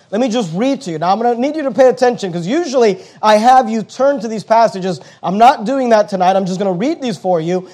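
A man's voice: high-pitched, a little mellow. A man pastor preaching a sermon, stressing key words emphatically.

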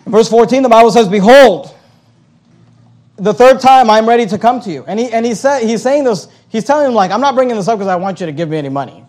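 A man preaching a sermon from the pulpit, reading scripture aloud and then paraphrasing it with a sarcastic, animated delivery. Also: extremely high pitch, fast. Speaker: pastor.

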